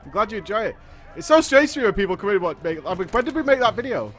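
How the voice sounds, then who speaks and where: A man's voice: high-pitched, big pitch swings, very fast, fairly bright tone. A man casually commenting while playing a video game, joking and reading things aloud. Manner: chatty, jokey, reads in-game text aloud in a mock dramatic voice. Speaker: game streamer. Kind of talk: casual let's-play commentary.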